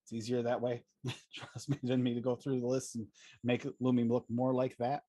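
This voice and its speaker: A man co-hosting a casual livestream who rambles, pausing on many fillers. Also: medium pitch, monotone, mellow. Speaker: livestream co-host and advocacy streamer.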